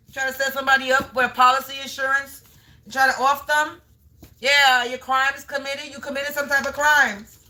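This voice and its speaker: Sharp-voiced, confrontational woman tarot reader. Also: high-pitched, a little hiss or hum. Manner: confrontational, taunting, repeats phrases; scolding an unseen commenter. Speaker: spiritual reader hosting a live stream. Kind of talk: live tarot card reading.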